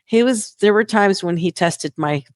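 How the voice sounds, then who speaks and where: An older woman, a podcast host, asking slow, deliberate questions in a frank, folksy way. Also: mid-range voice, dry recording, studio quality. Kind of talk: conversational interview.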